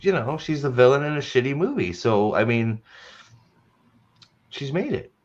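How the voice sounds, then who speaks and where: A man's voice: mid-range voice, very animated, moderate pace, highs cut off. A man hosting a livestream podcast, chatting casually with joking, stammering restarts. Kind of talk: casual chat.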